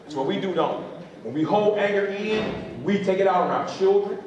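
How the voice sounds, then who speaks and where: A man's voice: high-pitched, lively intonation, normal speed, very echoey, dull audio, crowd noise. A man preaching as a pastor, repeating phrases and drawing responses from listeners. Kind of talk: sermon teaching.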